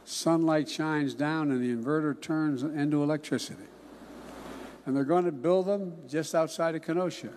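An older man giving a political speech in a folksy, emphatic way, often dropping into hushed asides. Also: a little high, fairly even intonation, moderate pace, a little hiss or hum. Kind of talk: political campaign-style speech.

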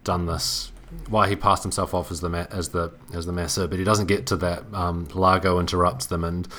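Deep-voiced man recapping a plot, halting. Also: level tone, pushed and bright. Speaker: film podcast co-host. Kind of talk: casual chat.

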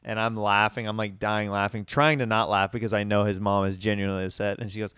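A man's voice: on the low side, level tone, fast, few pauses, fairly bright tone, clean tone, dry recording. A male podcast host telling a story animatedly in casual chat, calling people dude.

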